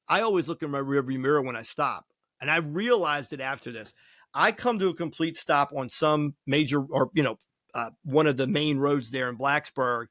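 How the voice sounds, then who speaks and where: A man who is a lawyer, hosting a casual talk show and telling folksy, animated stories on a close mic. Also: on the high side, dry recording. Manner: folksy, animated anecdotes with acted quotes. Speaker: lawyer and podcast host.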